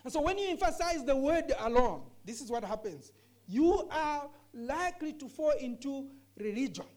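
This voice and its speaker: A woman's voice: sits high, expressive, moderate pace, a little mellow. A woman teaching scripture during a discussion, earnest and emphatic, often repeating her key phrases. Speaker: bible teacher.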